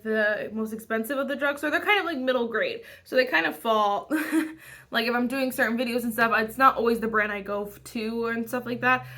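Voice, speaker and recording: Young woman vlogger, casual makeup chat, bright slightly high voice, rambling delivery. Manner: rambling, chatty, many fillers and restarts. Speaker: beauty vlogger.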